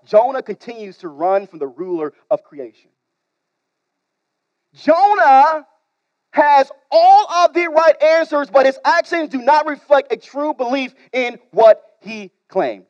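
A man preaching a sermon as pastor, talking straight to the congregation, swinging between loud emphasis and quiet asides. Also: sits high, no room sound, muffled recording. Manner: repeats words, talks straight to the congregation.

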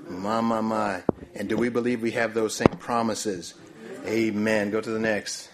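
A man's voice: fairly low pitch, little pitch movement, a little slow, very noisy. A man preaching a sermon, often stopping to say "my, my, my" and asking for the next slide. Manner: repeats "my, my, my", calls for the next slide.

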